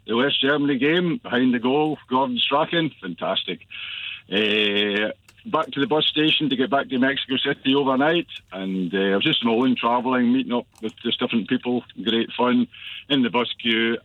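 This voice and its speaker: A man's voice: mid-range voice, no echo. Older Scottish man on a tinny phone line. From Scotland. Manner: rambling, enthusiastic anecdote-teller with many fillers. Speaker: caller. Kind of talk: phone-in storytelling. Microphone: telephone.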